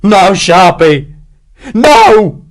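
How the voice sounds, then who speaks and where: A man's voice: on the low side, very animated, moderate pace, husky. A man voicing a cowering, treacherous army sergeant who pleads and screams for his life. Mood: screaming.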